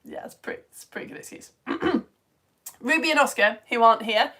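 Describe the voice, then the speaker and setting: A woman's voice: high voice, normal speed, a bit bright. A woman with a British accent hosting a live online science lesson for home-educated children, reading viewers' chat messages aloud in a bubbly, chatty way and laughing often. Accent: British English.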